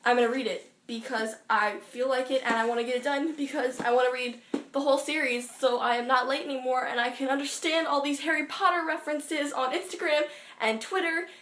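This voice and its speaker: A teenage girl reviewing a book on her vlog, gushing and rambling with quick excited asides. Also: high-pitched, a little hiss or hum. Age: teens. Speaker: book vlogger. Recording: roomy echo.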